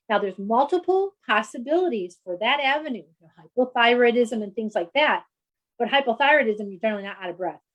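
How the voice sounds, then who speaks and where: A woman's voice: fairly high pitch, low-quality recording. A middle-aged woman doctor explaining heart health in a chatty, conversational way, with many fillers as she talks. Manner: explanatory, chatty, frequent "you know" fillers.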